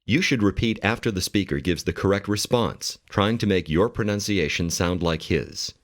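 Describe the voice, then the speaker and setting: A man giving calm, measured instructions as the narrator of a language course. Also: sits low. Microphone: studio mic.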